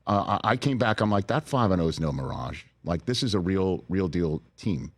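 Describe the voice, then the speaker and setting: A chatty man hosting a sports talk show, with a fairly low voice. He asks questions in an easy, conversational way and laughs along with his guest. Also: sing-song, moderate pace, no room sound. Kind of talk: casual interview.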